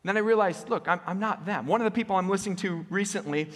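Pastor with a high voice in a church hall. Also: male voice, quick pace. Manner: casual, with frequent "right?" tag questions and restarts. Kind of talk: conversational sermon. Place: church sanctuary. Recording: long reverb of a church hall.

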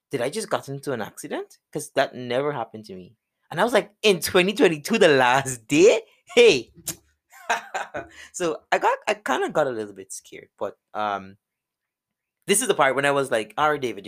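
A young man with a Guyanese accent, hosting a podcast and telling a personal story in a casual way, laughing often. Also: a little fast. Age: young adult. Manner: animated, laughs often, jumps into high voices when quoting people. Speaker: podcast host.

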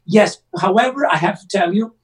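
High-voiced man, a bit off-mic. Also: moderate pace, distant mic, poor audio. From Italy. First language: Italian. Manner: earnest, methodical explainer. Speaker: actor guest. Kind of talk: casual interview chat.

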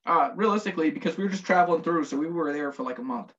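A former Marine telling profane, lively war stories in casual chat, acting out the quotes. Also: male voice, fairly high pitch, rapid-fire, highs cut off. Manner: profane, animated storytelling with acted quotes.

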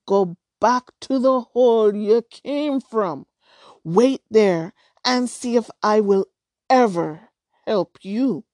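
A woman voicing a cranky, stubborn old female witch with dry, sharp retorts. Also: medium pitch, slow pace, no echo, close to an everyday voice. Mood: insistent.

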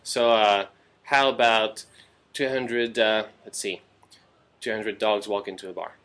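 A man hosting a podcast in casual chat, easygoing and quick to agree and laugh along. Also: on the low side, fairly even intonation, a bit bright. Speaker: podcast host.

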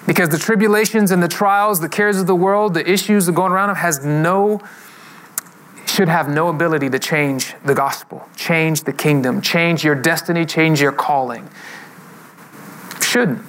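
A man's voice: on the high side, normal speed, fairly bright tone. A man preaching a sermon, telling a story and acting out the quoted voices of the people in it. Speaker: pastor.

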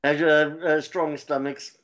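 A man's voice: on the high side, little pitch movement, a little slow, a bit bright. A man co-hosting a casual live comedy show, making dry remarks. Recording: dull lo-fi sound.

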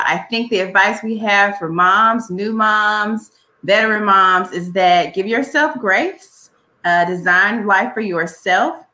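A woman hosts a podcast and speaks in a bright, forward voice. She closes the episode with encouraging advice. The room around her rings with a noticeable echo. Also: medium pitch. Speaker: podcast host. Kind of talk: casual podcast chat. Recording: roomy echo.

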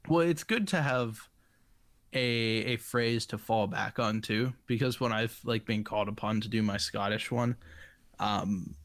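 A man's voice: on the low side, measured pace, fairly bright tone, no room sound. A man co-hosting a casual comedic chat, laid-back and drawling, with jokes trailing off.

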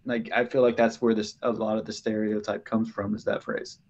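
Measured man on dull podcast audio. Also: lowish voice, level tone, a little mellow. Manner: measured, reflective, thinks aloud with fillers. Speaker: podcast co-host. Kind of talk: casual podcast chat.

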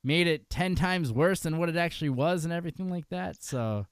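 A man's voice: fairly high pitch, a little fast, clear, resonant tone, no echo, clean studio sound. A man hosting a casual podcast chat, loose and profane, laughing often and restarting his sentences. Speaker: podcast host.

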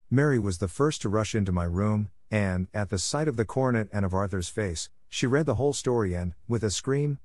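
A low-voiced man reads a first-person detective story in a measured, dramatic manner. He pushes hard on the angry exclamations, and the recording is close and dry. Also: darkish tone, no room sound. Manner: measured, dramatic storytelling with emphatic quoted outbursts. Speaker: audiobook narrator. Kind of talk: scripted first-person narration.

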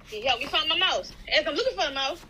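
A woman with a high, very bright voice chats about faith on a podcast. She tells animated stories and acts out each side of a conversation. She laughs often as she goes. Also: quick pace, slight background noise. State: out of breath at times. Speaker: podcast co-host. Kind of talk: casual faith chat.

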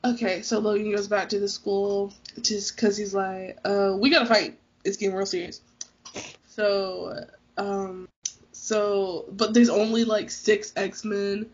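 A woman's voice: medium pitch, little pitch movement, slow pace, breathy edge. A woman co-hosting a podcast, casually recapping a movie with slang and frequent laughter. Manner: laughs a lot, slangy retelling. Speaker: podcast co-host. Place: hot indoor room with fan. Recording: muffled lo-fi sound.

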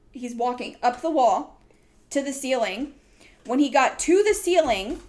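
A young woman hosting a chatty podcast recounts a story at length, her voice sitting a little high. She rambles, circling back with lots of "like" and "um" as she goes. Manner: rambling, full of "like" and "um". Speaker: podcast host. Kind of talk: casual storytelling chat.

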